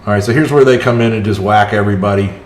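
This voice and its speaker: A man's voice: lowish voice, steady tone, racing. A man streaming a mobile strategy game, chatting with his viewers and talking through each move as it happens. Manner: chatty, reacts aloud to the match, chats with viewers. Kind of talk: live gameplay commentary. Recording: roomy echo.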